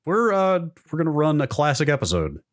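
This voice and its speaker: A man's voice: fairly high pitch, huge pitch swings, fairly quick. A man co-hosting a podcast, asking questions in a dry, joking casual chat. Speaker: podcast co-host.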